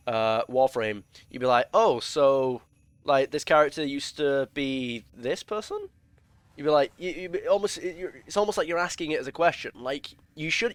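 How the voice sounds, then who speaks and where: A man's voice: on the high side, fairly bright tone, dry recording. Man rambling through gameplay commentary. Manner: rambling, many restarts and filler words; opinionated, explains at length. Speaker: gaming video creator.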